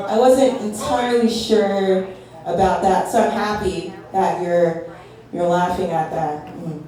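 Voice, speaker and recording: A young woman doing stand-up, talking in a halting, self-deprecating way full of fillers. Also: lowish voice, fairly even intonation, mellow. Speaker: stand-up comic. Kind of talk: stand-up comedy set. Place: comedy club stage. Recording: echoey club from far off, crowd. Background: audience laughter.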